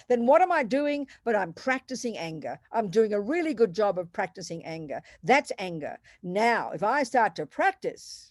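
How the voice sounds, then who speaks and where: A woman's voice: on the high side, expressive, normal speed, few pauses, dry recording, studio quality. A woman who is a Buddhist nun, teaching and answering questions in an emphatic, direct way. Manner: emphatic, direct, calls people sweetheart.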